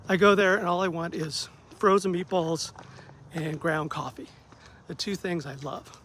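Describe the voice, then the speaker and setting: A man who works as a therapist, telling a story about his bad day in a casual vlog, acting out the dialogue with lively ups and downs. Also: sits high, unhurried, a little hiss or hum. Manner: animated, acts out quoted dialogue, self-deprecating.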